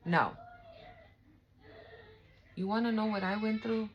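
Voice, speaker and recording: A woman's voice: a little high, a little slow, long pauses, rough recording. A young woman giving a casual spiritual tarot reading, emphatic, emotional and profane, talking straight to her viewers. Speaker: tarot reader.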